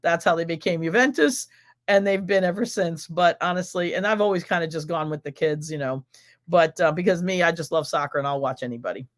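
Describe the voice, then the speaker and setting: A woman's voice: fairly low pitch, brisk. A middle-aged American woman with an American accent hosts a live stream, chatting exuberantly and rambling through questions and stories. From United States.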